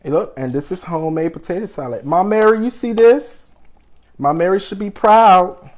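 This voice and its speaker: A man's voice: sits high, moderate pace, darkish tone. A young man hosting a live cooking show, chatty and playfully boastful, calling his viewers "people" as he talks them through the steps. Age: young adult. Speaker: home cook host.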